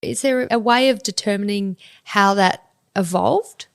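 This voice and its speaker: A woman's voice: medium pitch, unhurried, creaky, clean tone, dry recording, clean studio sound. An Australian woman hosting an interview, asking inquisitive questions with occasional chuckles. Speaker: interview host.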